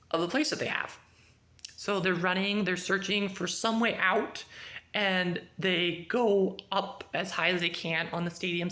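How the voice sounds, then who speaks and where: A woman talking through a book review in a casual, chatty vlog, acting out the dialogue with sudden jumps in pitch. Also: bright, forceful tone.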